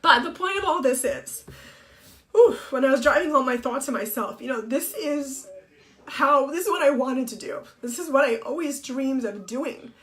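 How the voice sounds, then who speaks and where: Tearful woman, crying, halting speech, mid-high voice, home office livestream. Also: expressive, fairly bright tone. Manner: tearful, halting, with many restarts. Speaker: blogger and TV co-host. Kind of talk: emotional Facebook Live monologue.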